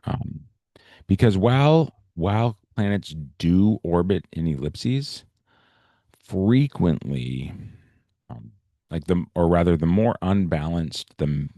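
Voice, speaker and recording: A man's voice: extremely low pitch, dark tone, no room sound, studio quality. A male teacher giving a casual, explanatory science lecture on a video call, often checking in with "right?" and "okay?". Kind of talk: online class lecture.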